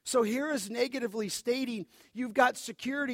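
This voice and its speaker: A pastor with a very high voice preaches an emphatic sermon, quoting scripture aloud and addressing his listeners directly. His voice is dry and close to the mic, without any room echo. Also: brisk, hardly any pauses.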